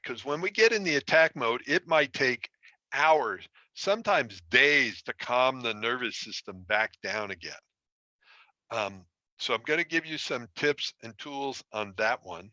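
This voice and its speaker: Bright-voiced male relationship coach. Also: mid-range voice, lively intonation, measured pace, no room sound, dull audio. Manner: conversational, self-deprecating storytelling. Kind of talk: online course lecture. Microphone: streaming from a computer.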